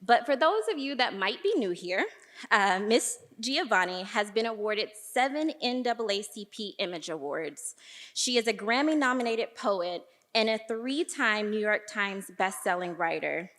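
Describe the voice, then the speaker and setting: A young woman, an archivist, giving a warm, admiring personal introduction with light laughs in a large performing arts hall. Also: mid-range voice, animated, measured pace. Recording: distant voice in reverberant hall.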